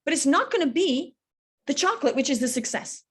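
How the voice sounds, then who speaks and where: A woman in her fifties, a business coach being interviewed, talking in an energetic, emphatic way and telling stories with feeling. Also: sits high, brisk. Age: 50s. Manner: energetic, emphatic, animated storytelling. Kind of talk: podcast interview.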